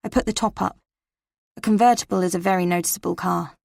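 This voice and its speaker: A woman narrating a cozy mystery audiobook in the first person, in a measured, wry manner. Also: on the low side, steady tone, gravelly, a little mellow, dry recording, clean studio sound.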